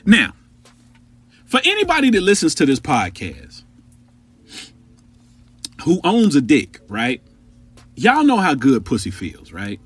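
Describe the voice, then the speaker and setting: A man's voice: a little high, wildly swooping pitch, takes it slowly, long pauses, fairly bright tone, breathy edge. A man hosting a storytelling podcast, telling an anecdote in a profane, conversational way. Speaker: podcast host.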